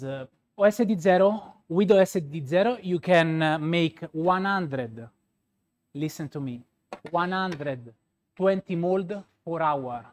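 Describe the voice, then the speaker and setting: A man with a Roman Italian accent, a pastry chef whose first language is Italian, giving a live product demo in halting English with many pauses and fillers. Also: fairly high pitch.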